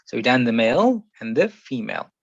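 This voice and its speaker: A man's voice: mid-range voice, very animated, a little fast, dry recording. Patient male Arabic teacher, dry sound. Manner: explains patiently, repeats each example several times. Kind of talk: classroom grammar lesson. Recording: muffled, slightly lo-fi sound.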